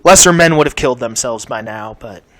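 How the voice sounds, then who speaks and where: A man's voice: mid-range voice, lively intonation, a little fast. Ranting young man venting on camera. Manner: ranting, profane, swings from mutters to shouts. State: sore mouth. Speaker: gaming channel host. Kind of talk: angry vent to camera.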